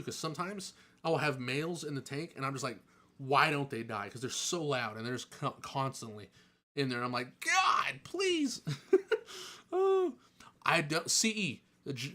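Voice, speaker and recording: A man casually answering chat questions on a live stream, chatty and excitable, joking and laughing often. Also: mid-range voice, brisk.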